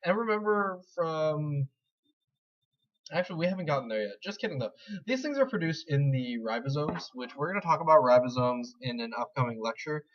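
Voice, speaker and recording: A man's voice: a little high, animated, a little fast, a little hiss or hum. A young man giving a casual screen-recorded tutorial, rambling and self-deprecating as he explains. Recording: slightly dull lo-fi mic.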